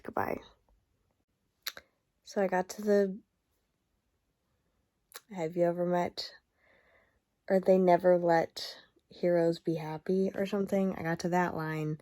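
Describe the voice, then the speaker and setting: A woman's voice: on the low side, flat delivery, takes it slowly, long pauses, mellow, no echo. A young woman vlogging about a book in a casual video diary, rambling and gushing with lots of fillers and restarts.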